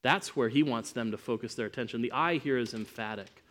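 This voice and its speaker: A male preacher delivering a sermon in an emphatic style. His mid-range voice swings from ringing proclamation down to hushed asides. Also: mid-range voice, brisk.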